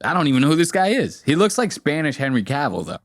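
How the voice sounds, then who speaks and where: A man co-hosting a podcast in casual chat, laughing often and doing quick voiced impressions of people from clips. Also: fairly high pitch. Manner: laughing, animated, profane storytelling with voiced impressions. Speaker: podcast co-host.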